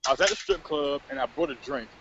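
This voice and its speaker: A man co-hosting a podcast, telling a story in casual chat, cursing freely and animated. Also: a little high, quick pace, slight background noise. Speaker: podcast co-host. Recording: dull lo-fi podcast recording.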